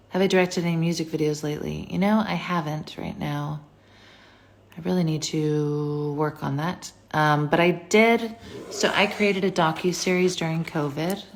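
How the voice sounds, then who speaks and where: Low, gravelly young woman chatting casually. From United States. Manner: chatty, rambling, many fillers. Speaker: live stream host answering viewer questions. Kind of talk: casual live stream chat. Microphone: phone.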